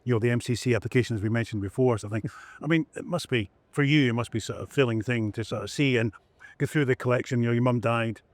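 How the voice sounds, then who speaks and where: A man interviews a guest with quick, rambling questions that wander before landing. His speech runs fast at a middle pitch. The sound is dry and close-miked. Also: dry recording. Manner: rambling, loosely phrased questions. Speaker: interviewer, auction cataloguer. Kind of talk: conversational interview.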